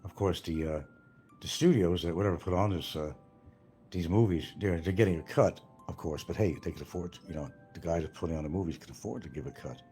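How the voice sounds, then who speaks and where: An older, retired man hosts a livestream in a low, mellow voice, talking at a quick clip with faint music in the background. He meanders casually from one topic to the next and swears freely along the way.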